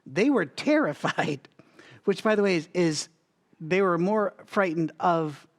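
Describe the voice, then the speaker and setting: His voice sits high and sounds animated, though unhurried, as this man leads a Bible study. Teaching conversationally, he works through ideas aloud with asides and restarts, pausing occasionally for a recurring cough.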